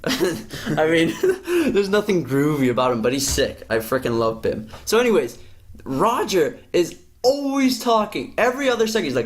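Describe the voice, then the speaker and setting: The speaker is a male podcast host with a fairly high pitch, talking at normal speed. He curses liberally as he animatedly relates a workplace anecdote in casual conversation.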